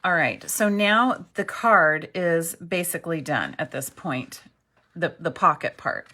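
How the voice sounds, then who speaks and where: A woman's voice: low voice, a little slow, pushed and bright. A middle-aged woman teaching a card-making craft tutorial, chatty and self-deprecating, often checking in with "okay". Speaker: craft instructor.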